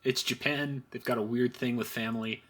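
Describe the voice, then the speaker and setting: A man's voice: medium pitch, steady tone, a little fast, a bit bright. A young man co-hosting a casual podcast chat, laughing often as he retells scenes. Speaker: podcast co-host.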